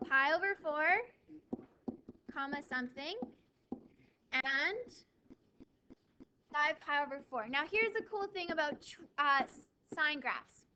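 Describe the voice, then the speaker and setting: A woman teaching a math class, lively, asking questions and answering them herself, with a touch of dry sarcasm. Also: high voice, lo-fi sound, a little hiss or hum. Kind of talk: classroom lecture.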